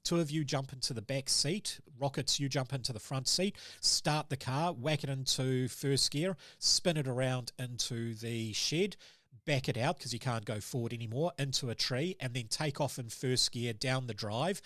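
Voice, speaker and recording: Male game master, mid-pitched, rambling horror narration, dry close mic. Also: normal speed, fairly bright tone, no echo. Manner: loose, rambling narration with many ums and sort-ofs.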